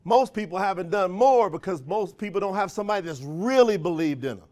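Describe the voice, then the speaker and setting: A man's voice: high-pitched, expressive, brisk, a little mellow. A man giving a live motivational speech at a sales training, full of rhetorical questions and folksy call-and-response. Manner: folksy, countrified phrasing. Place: event room.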